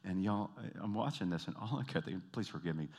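A man preaching in a storytelling sermon style, a pastor and counselor who acts out the people in his story and drops to soft, intimate appeals to his listeners. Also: low-pitched, animated, brisk.

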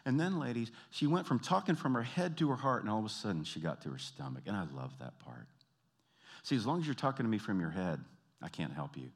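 Low-voiced man preaching with animated storytelling. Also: quick pace. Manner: animated storyteller, acts out quoted voices, drops to soft intimate appeals. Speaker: pastor and counselor. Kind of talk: storytelling sermon.

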